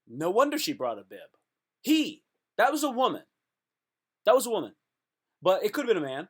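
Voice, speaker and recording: Man, comedy live streamer, rambling, repeats himself, slightly high voice. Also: huge pitch swings, moderate pace.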